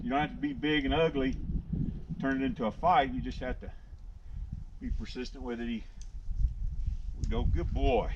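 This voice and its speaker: A man's voice: mid-range voice, fairly even intonation, moderate pace, pauses often. A middle-aged man training a horse, talking in a plain-spoken, drawling way and murmuring soothingly to the animal in an outdoor pen. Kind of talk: casual explaining while working. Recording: dull lo-fi outdoor audio with noise.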